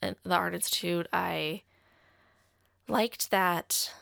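Young adult woman, gravelly fry, close dry sound, chatty storyteller. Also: fairly low pitch, steady tone, takes it slowly, a bit bright, dry recording. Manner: chatty, fills talk with "like". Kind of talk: casual personal story.

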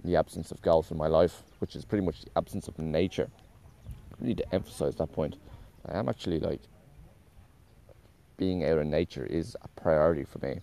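A man's voice: a bass voice, a little fast, vocal fry, mellow. A man talking in a casual, meandering monologue, correcting himself often and swearing offhandedly.

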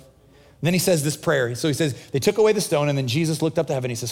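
Middle-aged male pastor, high voice, chatty sermon delivery with acted-out dialogue. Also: expressive, quick pace, darkish tone. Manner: casual, conversational preaching with acted-out dialogue.

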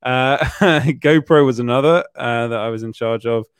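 A man's voice: mid-range voice, normal speed, clean tone, no room sound. A young British man hosting a casual show, telling rambling anecdotes full of restarts and laughs. His voice sits in a middle register. The sound is close and dry, with no room around it. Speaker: podcast host. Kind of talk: casual chat.

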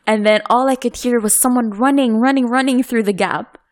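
A woman from the United Arab Emirates telling a story in a casual chat, animated and laughing often. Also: on the high side, a little fast.

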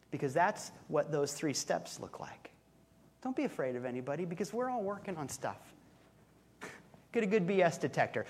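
A male pastor giving a conversational sermon, telling a story with relaxed humor and asides. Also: fairly high pitch, normal speed, long pauses.

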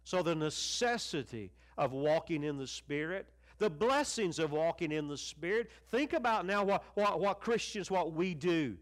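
A middle-aged man preaching a televised sermon, fervent, swinging from raised exclamations down to hushed, quiet lines. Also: expressive, moderate pace, hardly any pauses. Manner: fervent preaching with wide swings in pitch and loudness, dropping to near-hushed lines. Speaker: pastor.

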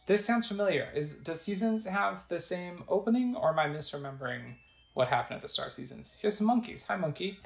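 Brief: casual woman gamer, low voice with a lively lilt, reading on-screen text aloud. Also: a little fast, vocal fry, echoey room, faint music behind, rough recording. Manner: chatty, describes the screen and reads the text aloud. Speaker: gamer narrating a let's play. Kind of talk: casual gameplay narration.

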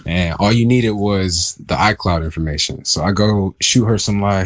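A man's voice: low-pitched, moderate pace, hardly any pauses. A young man casually telling a personal story on a podcast, meandering and laid-back with many fillers. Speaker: guest telling his story.

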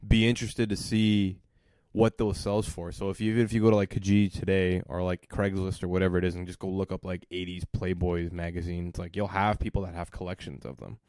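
Man, low pitch, dry sound, loose casual chat, lots of fillers. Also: little pitch movement, brisk, a little mellow, dry recording. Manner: loose, filler-heavy talk. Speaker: podcast co-host.

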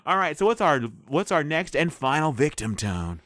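A man co-hosting a casual movie trailer review, animated and questioning, with lots of fillers. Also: a little high, normal speed, no room sound, studio quality. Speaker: podcast co-host.

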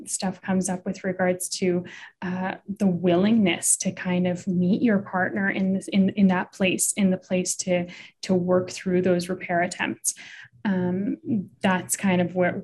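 A woman therapist chats casually on a podcast about how couples communicate, often using fillers and starting over. She speaks with a lowish, slightly mellow voice.

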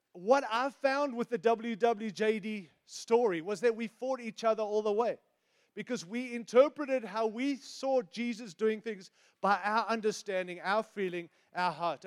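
Middle-aged guy preaching, high voice, teasing, gets loud then drops way quiet. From outside the United States. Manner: animated, teasing, switches between loud emphasis and hushed asides. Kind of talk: sermon.

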